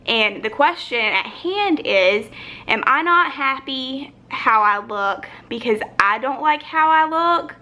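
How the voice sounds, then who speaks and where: A woman's voice: sits high, expressive, slow pace, bright, forceful tone. A young woman vlogging casually at home, rambling and reflective, with lots of filler "likes". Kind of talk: casual personal vlog. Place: home, sitting on the floor. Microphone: phone or camera, battery low.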